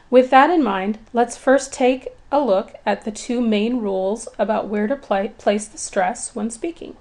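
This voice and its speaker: Woman, Spanish teacher, scripted lesson, patient and encouraging, slightly high voice. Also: a little mellow.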